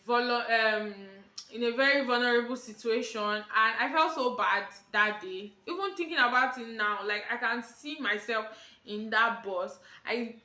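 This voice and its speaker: Animated Nigerian woman telling a story. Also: on the high side, echoey room. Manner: animated storytelling, acting out quotes in Pidgin and Yoruba. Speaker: vlogger. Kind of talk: storytime vlog.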